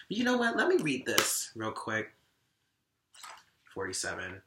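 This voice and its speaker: A woman's voice: deep voice, wildly swooping pitch, normal speed, long pauses, bright, forceful tone, roomy sound. A woman giving a casual tarot card reading to camera, emphatic and fired up, repeating lines for stress and dropping slang.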